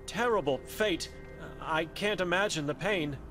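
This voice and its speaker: An actor playing an earnest monk investigator in a video game, asking polite, gently probing questions. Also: male voice, fairly high pitch, unhurried, music in the background, close to an everyday voice. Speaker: game character.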